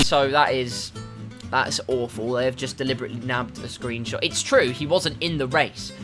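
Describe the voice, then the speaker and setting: A man's voice: mid-range voice, fairly even intonation, moderate pace. Sarcastic man ranting over guitar music. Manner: sarcastic, swearing, swings to shouting. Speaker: gaming commentator. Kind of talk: ranting game commentary. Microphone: USB desktop mic.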